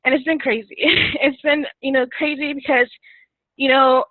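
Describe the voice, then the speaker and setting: A woman's voice: high voice, steady tone, normal speed, no room sound. A woman guest telling her story in a casual interview, chatty, laughing often and getting emotional. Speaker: guest distributor. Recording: tinny phone line, dry.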